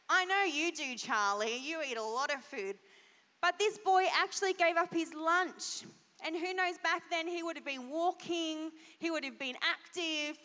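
Woman pastor, high crisp voice, animated, quizzing kids, reverberant church hall. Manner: animated, asks the kids questions. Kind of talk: children's sermon.

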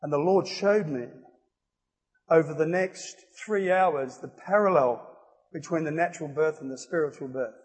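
A man preaching an evangelistic sermon, emphatic and rising to loud exclamations. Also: fairly high pitch, moderate pace, breathy edge. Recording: reverberant hall.

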